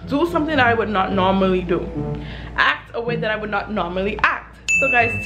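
A young woman hosting her vlog, talking casually to the camera. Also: a little high. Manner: loud put-on ratchet voice with her fiancé. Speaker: vlog host.

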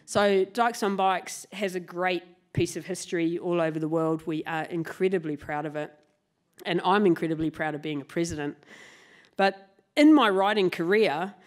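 A woman telling a true story live to an audience, lively and laughing often, swearing casually. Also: lowish voice, moderate pace. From New Zealand. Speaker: motorcycle club president and storyteller.

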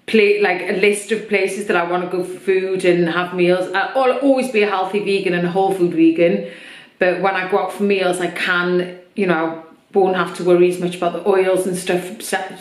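Speaking at a moderate pace with fairly even intonation, this vlogger has a voice on the low side. She chats openly in her personal vlog with lots of fillers, her throat slightly irritated, in a room with noticeable echo.

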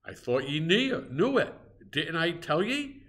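A man's voice: a little high, sing-song, unhurried, a bit bright, pitched above the performer's own voice. Male reader playing a jovial innkeeper, coaxing, teasing, voice lifted.

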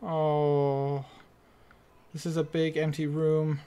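A gaming channel host plays through a horror game, giving nervous, jumpy commentary and muttering to himself into a desk microphone. His voice is on the high side, with a flat, unhurried delivery.

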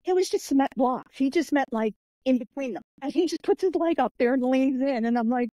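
A woman guest on an interview show, telling animated stories, acting out the people in them, with lots of "like" fillers. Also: high-pitched, fairly quick, dry recording. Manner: animated storyteller who acts out quoted people; chatty, with many "like" and "I'm like" fillers. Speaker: podcast guest, author and martial artist. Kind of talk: casual interview storytelling.

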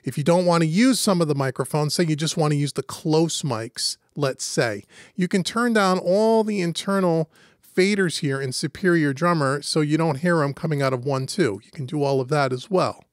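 A man hosting a casual, step-by-step software tutorial. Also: a little high, moderate pace, no echo, clean studio sound. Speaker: host and instructor. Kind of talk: screen-recorded software tutorial.

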